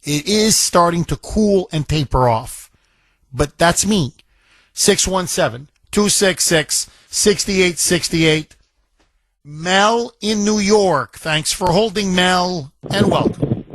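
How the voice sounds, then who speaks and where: A man's voice: sits high, slow, a bit bright, dry recording. A man hosting a talk radio show, taking callers and giving emphatic commentary, stressing words by repeating them.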